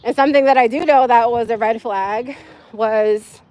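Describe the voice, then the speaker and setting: A young woman hosts a casual livestream from her phone, chatting candidly and rambling with her viewers and laughing often. Her voice is on the high side and a little mellow, with a steady tone and a moderate pace.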